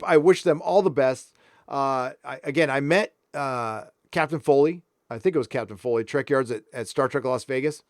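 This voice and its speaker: A man's voice: fairly high pitch, no echo, studio quality. Frank, rambling man on a live stream. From San Diego, California. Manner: frank, rambling, reads out viewer comments. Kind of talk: casual live stream chat.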